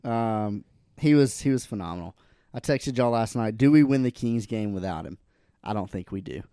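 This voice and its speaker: A man co-hosting a casual sports podcast, relaxed and agreeable, thinking out loud. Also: lowish voice, normal speed, smooth, no echo, clean studio sound. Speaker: podcast co-host.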